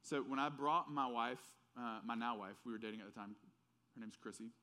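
A man with a faint Southern accent preaching a casual, conversational sermon, telling stories in an animated way with many fillers. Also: mid-range voice, brisk.

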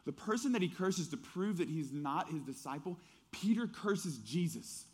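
A man preaching a sermon, moving between a hushed, quiet prayer and animated, conversational storytelling with fillers. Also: fairly high pitch, moderate pace, breathy edge. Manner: conversational, with fillers and acted quotes. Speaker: pastor.

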